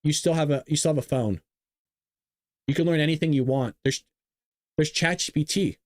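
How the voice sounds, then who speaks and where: A man's voice: a little high, moderate pace, dry recording, clean studio sound. Emphatic man hosting live commentary. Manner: emphatic, repetitive ranting with restarts. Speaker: host of a live news commentary show.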